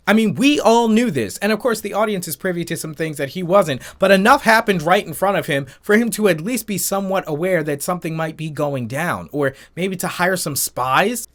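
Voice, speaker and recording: Male host, casual animated review chat, slightly high-pitched. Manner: animated, opinionated recapping with frequent "um". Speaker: reaction channel host.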